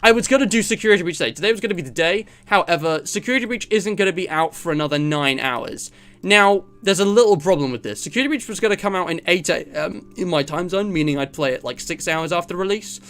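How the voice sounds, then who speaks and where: A man's voice: sits high, lively intonation, fast, a bit bright, clean tone. A man from England chatting casually on a live stream, rambling with lots of fillers and self-deprecating asides. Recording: music playing under the voice.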